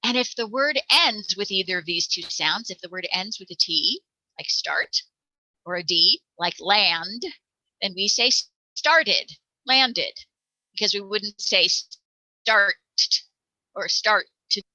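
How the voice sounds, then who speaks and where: A woman presenting a phonics lesson for parents, encouraging and demonstrating each sound out loud. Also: mid-range voice, normal speed, no room sound, poor audio. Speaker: teacher presenting a parent workshop.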